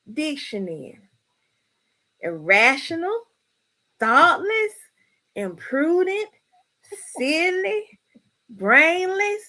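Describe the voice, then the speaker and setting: A woman hosts a folksy word-of-the-day segment on a live stream. She talks in a sassy, gossipy way and keeps calling out to her viewers. Her voice sits high and swings widely in pitch. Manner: animated, sassy and gossipy, addresses viewers as y'all.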